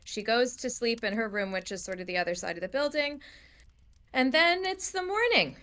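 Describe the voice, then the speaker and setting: A woman's voice: fairly high pitch, lively intonation, normal speed, sharp tone. A woman narrating as game master, casual and often restarting her sentences.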